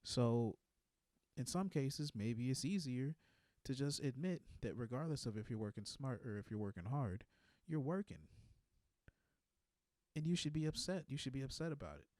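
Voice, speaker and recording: A man's voice: mid-range voice, lively intonation, normal speed, pauses often, a little mellow, dry recording. Young man, comedian, rambling monologue, easygoing delivery, dry recording. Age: 20s. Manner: laid-back, rambling, keeps tagging lines with "man".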